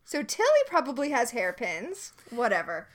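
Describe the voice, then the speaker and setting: Lively woman cohost, high bright voice, snarky tv recap chat. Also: moderate pace. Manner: sarcastic, animated. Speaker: podcast co-host.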